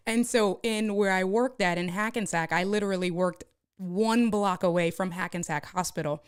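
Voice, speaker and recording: A young woman streaming live tells a story in a casual, lively way. Her New comes through, and her voice leaps higher whenever she acts out what someone said. Her pitch sits in the middle for a woman. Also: moderate pace, clean tone, dry recording. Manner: animated, acts out quoted voices with jumps in pitch.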